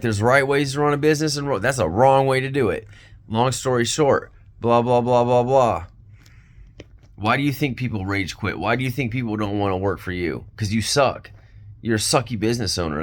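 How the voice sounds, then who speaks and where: A man's voice: fairly low pitch, normal speed. A man angrily telling a rambling, profane story about an exploitative former boss, full of fillers and restarts. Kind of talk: ranting storytime vlog.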